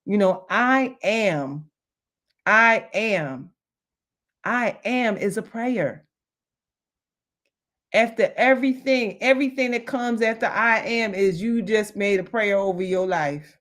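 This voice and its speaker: Slow-talking woman giving a motivational pep talk. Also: mid-range voice, animated. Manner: emphatic, repeats phrases for effect. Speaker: livestream host.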